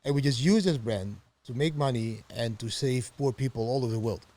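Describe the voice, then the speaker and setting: A middle-aged man, telling his story as a podcast guest in an animated way and laughing often. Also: medium pitch, fairly quick. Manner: animated, laughs often, acts out quoted voices. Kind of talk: storytelling interview.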